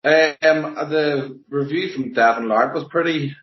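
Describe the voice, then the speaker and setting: A softly spoken man with a Northern Irish accent, answering interview questions plainly and modestly. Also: on the high side, takes it slowly. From Northern Ireland. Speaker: interview guest, armwrestler. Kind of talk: casual interview. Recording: echoey, muffled lo-fi audio.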